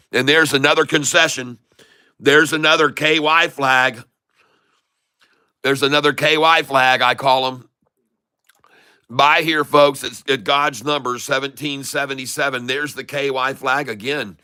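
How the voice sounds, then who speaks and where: Bright, crisp-voiced man explaining trades. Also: medium pitch. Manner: chatty, pointing things out on screen. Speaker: day-trading channel host. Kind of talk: live trading walkthrough.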